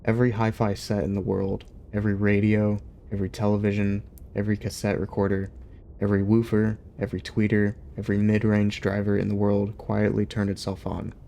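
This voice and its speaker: A young man reads a novel aloud on his livestream, then drifts into easygoing chatter with his viewers. His voice sits fairly low and relaxed, and he laughs easily. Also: brisk, gravelly, a little hiss or hum. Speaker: streamer reading a book aloud. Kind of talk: casual reading aloud on a livestream.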